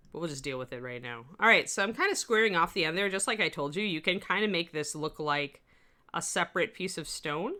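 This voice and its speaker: Low, bright-toned woman sculpting instructor. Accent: slight US West Coast. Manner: chatty, rambling asides while working. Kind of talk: live-stream tutorial chat.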